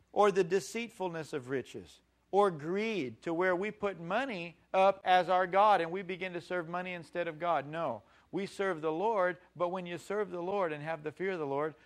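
Emphatic man preaching a sermon. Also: high-pitched. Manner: emphatic preaching with call-and-response questions. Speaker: pastor.

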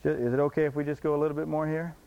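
A man's voice: a little high, level tone, racing, gravelly, narrow, tinny audio. A man preaching a sermon emphatically, repeating his points and asking the congregation rhetorical questions.

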